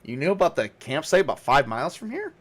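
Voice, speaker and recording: A man's voice: fairly high pitch, very animated, fast talker. A man voicing an earnest male survivor who questions a captive, insistent and a little exasperated. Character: earnest male survivor, cabin owner's ex-husband.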